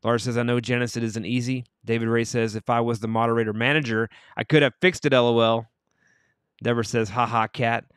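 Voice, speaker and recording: A cheerful man hosts a morning livestream and reads the chat aloud, greeting each viewer by name. His voice is smooth and resonant at an ordinary pitch. He is close to the mic in a dry, dead room. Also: level tone, brisk, no echo. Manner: cheerful, upbeat greetings, warm blessings to viewers. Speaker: livestream host.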